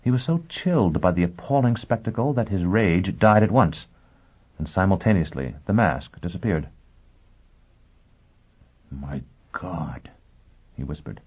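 A man narrating a story in a steady, measured reading voice. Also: low-pitched, breathy edge. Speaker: audiobook narrator. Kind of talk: scripted narration. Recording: tinny phone-like sound.

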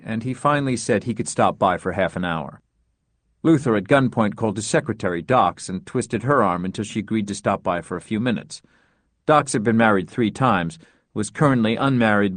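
A man narrating an audiobook in a wry, measured storytelling manner. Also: on the low side, no room sound. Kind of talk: scripted narration.

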